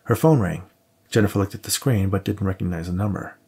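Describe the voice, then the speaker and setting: A man, host and author, narrating an audiobook in a measured, steady way. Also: deep voice, breathy edge.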